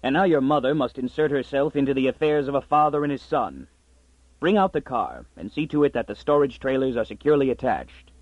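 A man reading as a gruff old farmer, blustering and pompous, with a husky edge and lively swings in pitch, heard in a dry, slightly muffled audiobook recording. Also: fairly quick, no room sound, natural voice. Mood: grumbling.

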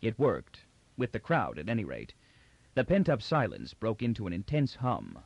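A man reading a novel aloud with an expressive, theatrical delivery. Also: on the low side, normal speed, gravelly, dry recording. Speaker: audiobook narrator. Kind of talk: scripted narration. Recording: dull dry audiobook recording.

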